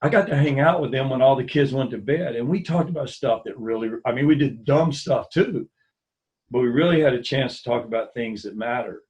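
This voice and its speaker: A middle-aged man from the US mainland reminisces in a relaxed interview, speaking in a mid-range voice. He brings his stories to life, raising his voice to play the people he quotes. He sounds like a guest on a video call. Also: mid-range voice, a little fast, poor audio. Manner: animated storyteller who acts out quoted dialogue with a lifted voice. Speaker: former school ministry coordinator, interview guest. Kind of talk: casual storytelling interview.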